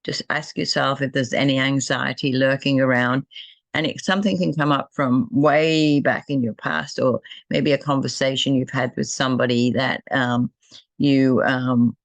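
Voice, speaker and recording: An older woman, an energy healer, gently talking through a self-healing demonstration and softly repeating affirmations and thank-yous. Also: a bass voice, steady tone, moderate pace, gravelly, dry recording.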